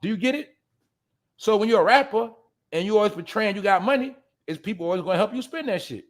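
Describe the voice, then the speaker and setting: A man with a high voice talks fast and animatedly as the host of a show, ranting with blunt, profane commentary. He calls his listeners "y'all" and laughs at his own jabs.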